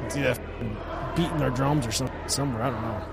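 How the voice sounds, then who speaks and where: A man's voice: mid-range voice, quick pace, vocal fry, heavy background noise. Sarcastic man hosting a podcast. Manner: sarcastic, mocking, laughs often. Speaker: podcast host. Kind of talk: casual commentary.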